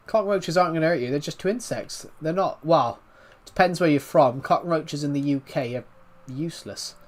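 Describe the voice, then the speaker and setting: A British man chatting on a live stream, his voice thick and a little worn from being under the weather. He talks calmly and evenly, often restarting his sentences, in a fairly high voice for a man. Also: normal speed. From United Kingdom. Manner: calm, even talking with frequent restarts. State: slightly ill, thick voice. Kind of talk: casual live stream chat.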